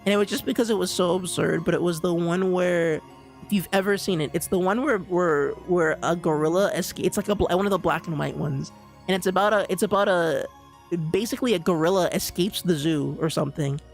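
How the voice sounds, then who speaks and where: A live streamer in casual chat, rambling and excitable, with lots of stammered restarts. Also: mid-range voice, brisk, vocal fry, faint music behind.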